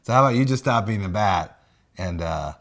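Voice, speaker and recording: A man voicing a petty, indignant superhero in a high, fussy, complaining voice. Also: expressive, a little fast, a bit bright. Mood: whiny.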